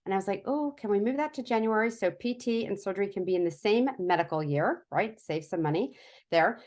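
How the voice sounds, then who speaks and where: A woman's voice: medium pitch, fairly quick, darkish tone. A woman in her forties telling a casual, chatty testimonial story, self-mocking and full of fillers. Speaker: product testimonial speaker.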